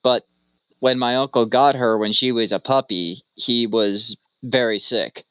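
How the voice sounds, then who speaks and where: Bright-voiced rambling podcast man. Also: medium pitch, a little slow, clear, resonant tone, no room sound, dull audio. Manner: rambling, storytelling with acted-out voices. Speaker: podcast co-host. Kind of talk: casual stoner chat.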